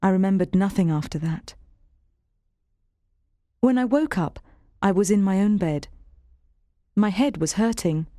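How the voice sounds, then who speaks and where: A woman reads a storybook aloud in a steady, clear first-person voice. The sound is dry and close, with no room around it. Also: mid-range voice, measured pace, pauses often, no echo. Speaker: narrator. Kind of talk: scripted storybook narration.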